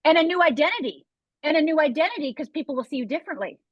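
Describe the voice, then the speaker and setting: A woman fear coach, a guest in an interview conversation, speaks in a high-sitting, expressive voice at a racing pace with no echo. She talks emphatically, acts out anxious inner voices, and often asks "right?", all over dull lo-fi call audio.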